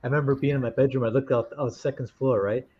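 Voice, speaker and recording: A man's voice: medium pitch, fairly even intonation, very fast, breathy edge. A man telling childhood stories in casual chat, rambling and searching for words. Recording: dull lo-fi sound with faint noise.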